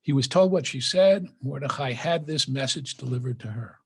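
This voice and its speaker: A man's voice: mid-range voice, normal speed, few pauses, slight background noise. An older man, a rabbi, teaching a scripture lesson over a video call, reading passages aloud and then explaining them conversationally. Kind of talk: scripture study lecture.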